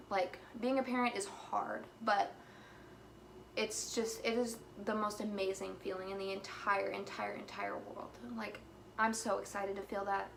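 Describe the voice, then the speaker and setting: A woman's voice: medium pitch, creaky, a bit bright, a little hiss or hum. A young woman rambling in a casual vlog, filling her talk with "like" and "you know", a little out of breath. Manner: chatty, many fillers like "like" and "you know". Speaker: vlogger.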